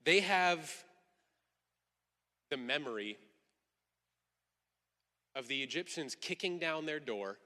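A man preaching a sermon in an animated way, acting out quoted voices for emphasis. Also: fairly high pitch, takes it slowly, long pauses, long reverb tail. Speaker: pastor.

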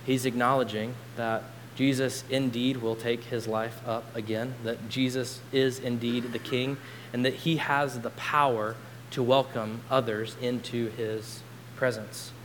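A man preaching a sermon as pastor, earnest, lifting his voice for quoted scripture and dropping low to press a point. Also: flat delivery, unhurried. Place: church sanctuary. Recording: long hall reverb, faint hum.

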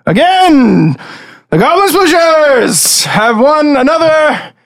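A man voicing an excitable male tournament announcer who proclaims the winners in a loud, drawn-out way. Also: extremely high pitch, voice pushed up, heavily acted. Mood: exclaiming.

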